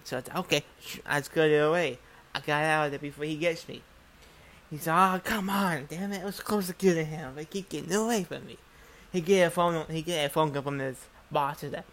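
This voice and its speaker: A man's voice: on the high side, fairly even intonation, fairly quick, a bit bright. A man telling a rambling, profane story and acting out every line of dialogue. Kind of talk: casual spoken storytelling.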